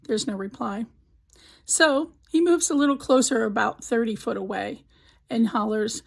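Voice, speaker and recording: A female channel host narrates a scripted countdown of marriage jokes, setting up each punchline in storytelling style. Her higher-pitched voice is creaky and slightly rough, she keeps a normal speed, and the recording itself is rough.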